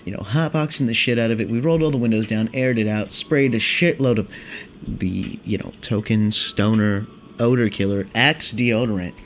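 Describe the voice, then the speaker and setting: A male vlogger in his twenties, lowish-voiced and speaking at normal speed, tells a long, casual, rambling story. He swears and leans constantly on fillers like "like" and "dude." There's a little hiss or hum in the recording.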